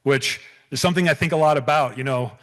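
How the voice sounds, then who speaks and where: A man's voice: a little high, quick pace, a bit bright. A man in his thirties, a bison rancher giving a public talk, earnest and prone to restarts and repeated words. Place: event hall.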